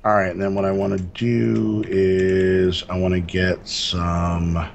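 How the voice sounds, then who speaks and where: A man co-hosting a casual Minecraft let's-play, relaxed and narrating each step as he builds. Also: sits low, slow, vocal fry, lo-fi sound, a little hiss or hum. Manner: relaxed, narrates his own building steps. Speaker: gaming channel co-host.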